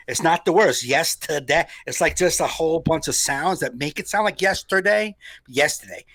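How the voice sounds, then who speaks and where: A man's voice: on the high side, a little fast, fairly bright tone, no room sound. A man with a New Jersey accent, co-hosting a podcast as a comedian in casual chat, laughing often and riffing playfully.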